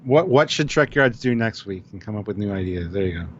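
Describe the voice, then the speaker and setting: A man's voice: on the low side, expressive, a little fast, a bit bright, lo-fi sound, slight background noise. A man co-hosting a casual livestream chat, easygoing as he reads out viewer comments and donations. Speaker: co-host reading viewer donations.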